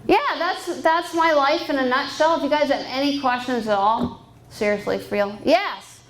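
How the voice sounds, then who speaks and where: Over a noisy background, a high-sitting female voice carries at a moderate pace. The speaker is a Canadian private pilot in her thirties, a guest at a fundraising banquet in a banquet hall, sharing a candid, lighthearted personal talk and laughing a lot.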